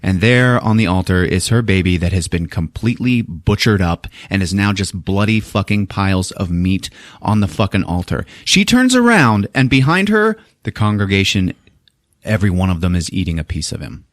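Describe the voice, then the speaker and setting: A man hosting a podcast, retelling a film plot in casual, profane, animated detail. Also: sits low, moderate pace, dry recording, studio quality. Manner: animated, profane storytelling with acted quotes. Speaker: podcast host. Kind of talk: casual movie recap.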